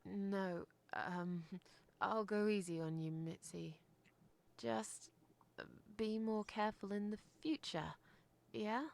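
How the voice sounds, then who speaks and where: A woman's voice: mid-range voice, takes it slowly, creaky, a little mellow. An actress playing a reluctant, grumpy woman who dislikes babies and agrees only grudgingly. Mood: hesitant. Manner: hesitant and grudging, complains.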